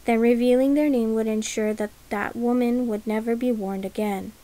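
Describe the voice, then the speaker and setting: Careful, guarded noblewoman, read by a woman narrator, slightly high voice. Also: steady tone, warm tone, lightly acted, rough recording. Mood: earnest. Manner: measured and careful.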